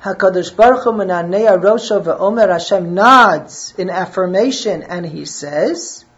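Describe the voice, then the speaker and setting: A woman's voice: mid-range voice, unhurried, lo-fi sound. A woman giving a religious text lesson. She reads each phrase aloud, then translates and explains it. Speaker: Torah teacher.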